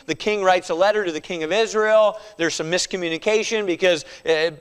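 A man's voice: high-pitched, fairly bright tone, clean tone, in a large hall. A man preaching a sermon in a conversational way, chuckling often and tossing in rhetorical asides.

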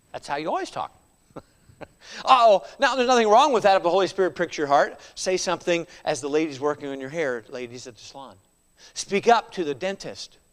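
Animated man preaching in a reverberant hall. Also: sits high. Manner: animated, conversational, with frequent chuckles and rhetorical asides. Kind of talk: sermon.

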